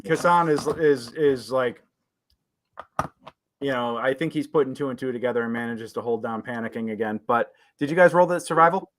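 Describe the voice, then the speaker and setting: A man acts as game master for an online tabletop session, describing scenes and calling for rolls. He talks in a halting way, full of ums and uhs. His voice sits at an ordinary pitch, with a faint hiss behind it. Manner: hesitant, many fillers.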